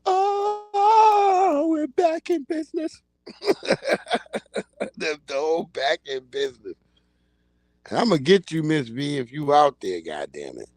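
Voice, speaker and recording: A man hosting a livestream, chatting in a casual comedic way, laughing often and acting out loud yelled quotes. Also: mid-range voice, dry recording. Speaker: livestream host.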